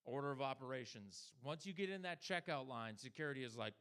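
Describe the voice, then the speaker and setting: A young man performing a stand-up comedy set, talking deadpan to the crowd and slipping into mock voices for the people he quotes. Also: mid-range voice, a little fast, clear, resonant tone.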